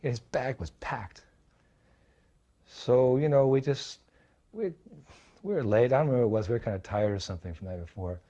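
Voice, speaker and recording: An older man, a monk, tells a reminiscence in a medium-pitched, warm voice that is animated and brisk, broken by long pauses. His storytelling is loose and anecdotal, packed with fillers and acted-out quotes.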